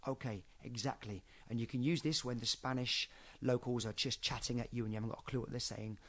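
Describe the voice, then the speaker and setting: A man's voice: mid-range voice, steady tone, brisk, a bit bright. Chatty man teaching phrases. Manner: chatty, rambling, uses many fillers. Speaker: podcast host. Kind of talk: casual spoken lesson.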